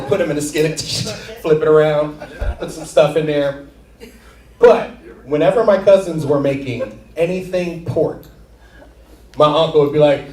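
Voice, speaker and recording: A man's voice: a little high, a little mellow, reverberant, distant mic. Man telling a rambling stand-up story. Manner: rambling, laughs at his own jokes, acts out friends and family. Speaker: stand-up comedian. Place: comedy theater stage.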